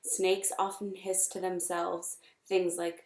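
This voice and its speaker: Woman narrator, expressive storybook reading, mid pitch, roomy echo. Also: measured pace. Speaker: reader. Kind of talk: reading a children's novel aloud.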